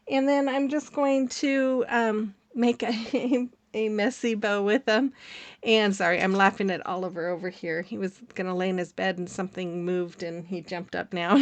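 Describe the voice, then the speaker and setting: Woman host, casual craft voice-over, chatty and giggly, mid-pitched, dry close sound. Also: no echo. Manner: chatty, rambling, laughs often, many fillers.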